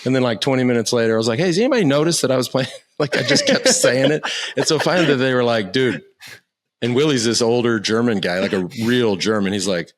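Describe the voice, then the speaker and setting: A man in his fifties, a podcast guest, telling animated stories, swearing freely and acting out what others said. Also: medium pitch, a little fast. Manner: animated storyteller, swears freely, acts out quotes. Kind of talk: casual interview chat.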